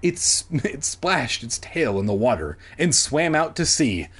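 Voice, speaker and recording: Husky-voiced man reading a story aloud. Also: mid-range voice, big pitch swings, a little slow. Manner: sarcastic asides. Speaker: narrator.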